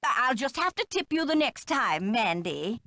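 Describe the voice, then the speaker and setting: An actress playing a nervous, evasive older female professor in a mystery video game, stammering and halting. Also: fairly high pitch, big pitch swings, sharp tone, no room sound, clean studio sound, heavily acted. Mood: flustered.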